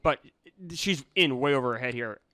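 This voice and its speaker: A man co-hosting a casual podcast, incredulous and teasing, with quick asides. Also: medium pitch, bright, forceful tone, no room sound. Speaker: co-host, film reviewer.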